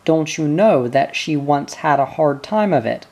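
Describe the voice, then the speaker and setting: A reader voicing a gentle caring noblewoman. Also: deep voice, lively intonation, measured pace, full character voice. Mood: gentle coaxing. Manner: gentle, coaxing.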